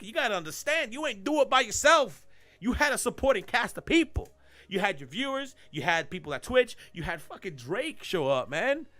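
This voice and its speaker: A man hosting a casual live-streamed podcast, telling a story in an animated, rambling way and swearing freely. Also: high-pitched. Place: home streaming setup. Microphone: desk mic while streaming live.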